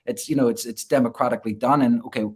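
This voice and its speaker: A man's voice: medium pitch, fairly even intonation, quick pace, a little mellow, breathy edge. A man, a gymnastics coach, talking earnestly as a guest in a casual interview, often repeating words as he restarts.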